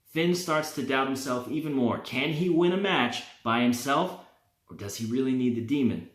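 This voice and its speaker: A man hosting a wrestling vlog, talking in an animated, opinionated way and laughing now and then. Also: medium pitch, normal speed. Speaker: wrestling vlogger. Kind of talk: casual fantasy-booking talk. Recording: roomy, echoey.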